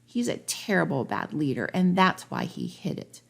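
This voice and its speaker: Lively low-voiced woman reading rhymes. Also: moderate pace, gravelly. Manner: sing-song rhyming delivery. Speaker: narrator. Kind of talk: rhyming storybook parody reading.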